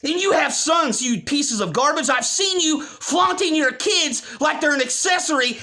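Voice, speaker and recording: A man delivering a furious, profane rant, often breaking into shouts. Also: very high voice, lively intonation, normal speed, hardly any pauses. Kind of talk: angry rant.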